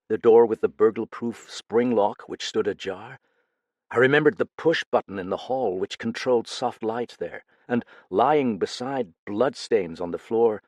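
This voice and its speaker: A man narrating a mystery audiobook in a steady, measured reading. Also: mid-range voice, no echo. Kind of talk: scripted narration.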